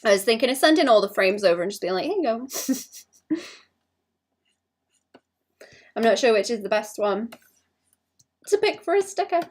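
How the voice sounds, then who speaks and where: A young woman talks her way through a drawing session on a casual livestream, thinking aloud. Her voice sits mid-range with a touch of vocal fry. She rambles and second-guesses herself. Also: mid-range voice, sing-song, fast talker. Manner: thinks out loud, rambling and self-conscious. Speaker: illustrator streaming her drawing.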